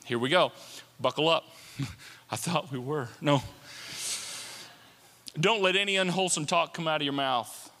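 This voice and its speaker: A man preaching a sermon as a pastor, animated and playful, with jokes and asides. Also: fairly high pitch, measured pace, pauses often. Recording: long hall reverb.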